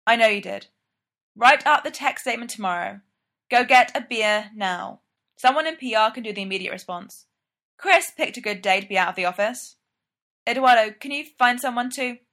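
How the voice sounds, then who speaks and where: A woman's voice: on the high side, normal speed, a bit bright. A woman voicing a terse, commanding young male tech founder in a clipped, blunt way. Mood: curt.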